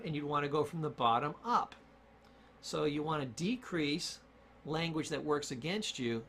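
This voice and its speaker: A man's voice: fairly high pitch, creaky, fairly bright tone, a little hiss or hum. A man giving an emphatic motivational lesson on self-talk and word choice, repeating key points for stress. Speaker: communication coach.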